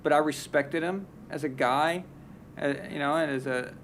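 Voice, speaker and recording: A man's voice: on the high side, moderate pace, fairly bright tone, slight background noise. A man hosting a casual live sports talk stream, giving blunt, heated opinions and often restarting his sentences. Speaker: sports talk show host.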